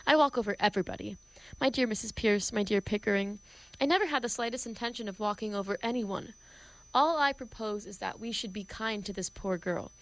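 A woman's voice: medium pitch, a little fast, fairly bright tone, lightly acted, poor audio. A woman reading the part of a domineering male professor in an amateur play reading, brusque and theatrical. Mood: imperious.

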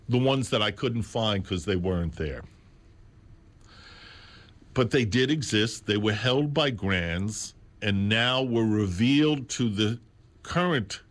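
Slow, low-voiced male radio host. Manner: deliberate, spells out catalog numbers slowly. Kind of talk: unscripted radio talk about records. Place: radio studio. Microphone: studio mic on a stand.

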